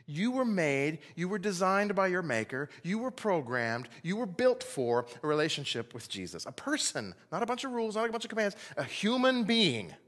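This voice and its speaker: Lively, joking male preacher in a reverberant hall. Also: sits high, normal speed, few pauses. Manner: animated, joking, laughing often. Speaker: pastor. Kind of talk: sermon.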